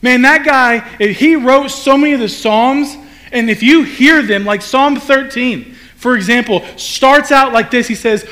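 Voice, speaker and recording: Very high-voiced male preacher. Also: unhurried, sharp tone. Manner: conversational, asks rhetorical questions, acts out quotes. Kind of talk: sermon. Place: room with a congregation.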